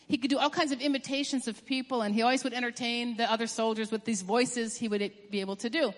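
A woman preaching a sermon in an emphatic way, rushing through some phrases and stretching out others for stress. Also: a little high, fairly even intonation. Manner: emphatic, swings from quick bursts to drawn-out stresses. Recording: long hall reverb.

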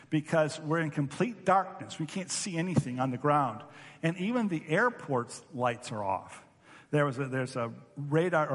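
A man's voice: on the high side, husky, in a large hall. A man preaching a sermon as pastor, telling stories animatedly and acting out voices.

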